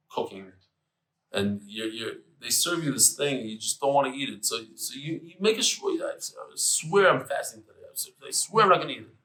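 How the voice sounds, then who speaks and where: A man giving a lively, chatty Talmud lesson in English, mixing in Hebrew terms. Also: fairly high pitch, reverberant, poor audio. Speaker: Daf Yomi teacher. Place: room with tables and air conditioner.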